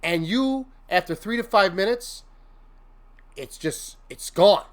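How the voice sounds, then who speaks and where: A man's voice: sits high, lively intonation, takes it slowly. A man hosting a casual motivational livestream, rambling and laughing often, breaking into silly mock-venting with made-up curses. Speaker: host.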